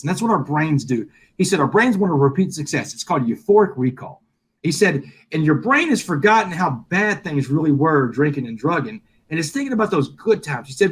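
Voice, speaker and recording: Husky-voiced man telling a story. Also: on the high side. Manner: animated storyteller, acts out quoted dialogue. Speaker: guest. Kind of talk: storytelling in a live interview.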